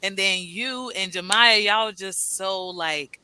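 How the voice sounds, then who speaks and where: A woman hosting a casual live stream, animated and laughing often as she reads viewers' comments aloud. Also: medium pitch, slow pace, slight background noise, poor audio. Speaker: host.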